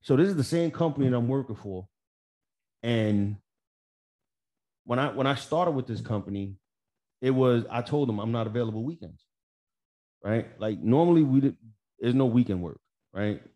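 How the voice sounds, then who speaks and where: New man, mid-pitch, casual podcast storyteller, salty and animated. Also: moderate pace, long pauses. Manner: profane, animated, acts out dialogue. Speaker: podcast co-host.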